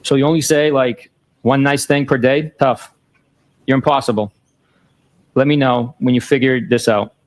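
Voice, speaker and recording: A courtroom participant reads out a run of text messages at normal speed, with long pauses between stretches. His mid-range voice, heard over the courtroom mic, stays flat and unbothered by the teasing lines, and he reads every date and time plainly first.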